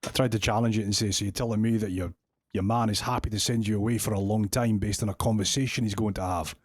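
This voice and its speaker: Husky deep-voiced man in roleplay. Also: steady tone, quick pace, a little mellow, dry recording. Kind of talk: in-character roleplay chat.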